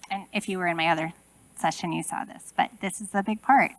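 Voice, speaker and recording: Keynote speaker, woman in her forties with some vocal fry; casual, talks straight to the room with rhetorical questions. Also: on the low side, normal speed, rough recording. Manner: conversational, asks the audience many rhetorical questions. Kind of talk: conference keynote talk. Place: conference room.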